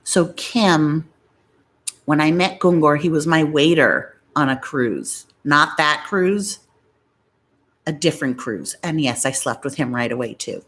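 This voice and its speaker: Low-voiced chatty middle-aged woman. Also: measured pace, a bit bright. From Massachusetts, USA. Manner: chatty, rambling storyteller who reads viewer comments. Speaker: live-stream host. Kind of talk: casual live-stream chat while eating.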